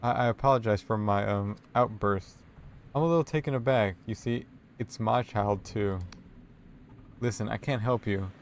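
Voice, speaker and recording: A man's voice: mid-range voice, moderate pace, a little hiss or hum, lightly acted. A man voicing a fussy, prim older female librarian who sweetly evades questions and calls people dearie, in a narrated text game. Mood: shaken.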